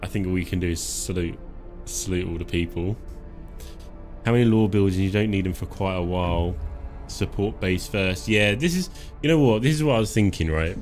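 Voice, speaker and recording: A man's voice: sits low, moderate pace, darkish tone, faint music behind. A man giving casual live commentary while playing a game, joking and chuckling as he talks to himself and his chat. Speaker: live-stream gamer.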